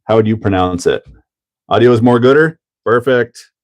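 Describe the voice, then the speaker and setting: A man's voice: lowish voice, normal speed, darkish tone. A man hosting a casual hobby livestream, chatting and laughing while he builds a model car and greets viewers by name. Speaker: livestream host.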